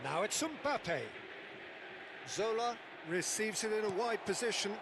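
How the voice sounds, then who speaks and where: A man voicing a lively play-by-play football commentator in a video game, excitable and rising to shouts on goals. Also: high-pitched, a little slow. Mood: excited. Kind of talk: scripted sports commentary. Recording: game audio under stream noise.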